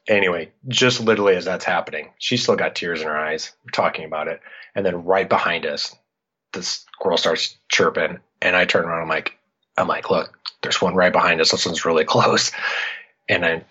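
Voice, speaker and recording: Telling a story on a podcast, this middle-aged guest from Iowa, United States, gets animated and acts out the things he once said. His husky voice sits low at a normal speed, recorded in dull lo-fi audio.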